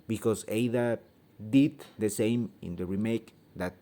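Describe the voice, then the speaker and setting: Halting Mexican-accented man, low mellow voice. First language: Spanish. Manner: halting, searching for words, many ums; blunt, swears freely. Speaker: channel host. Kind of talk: opinion vlog rant.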